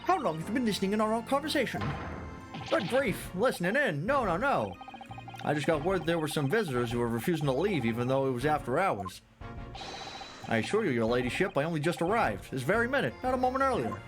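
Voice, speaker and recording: A man's voice: a little high, very animated, fast talker, over music, voice pushed up. A man voicing a fawning, flustered middle-aged police inspector who gushes his words.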